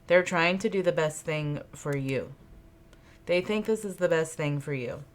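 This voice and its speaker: A woman's voice: deep voice, a little slow. A woman doing an intuitive tarot reading, musing aloud, repeating her phrases and asking spirit questions as she pulls cards. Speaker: tarot reader. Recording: card shuffling clicks in background.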